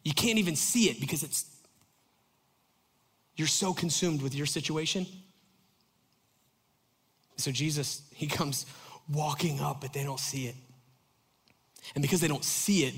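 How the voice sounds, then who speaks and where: A man's voice: a little high, moderate pace, long pauses, breathy edge, long reverb tail. A man preaching a conversational sermon, rambling with fillers and jokey asides to the congregation. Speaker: pastor.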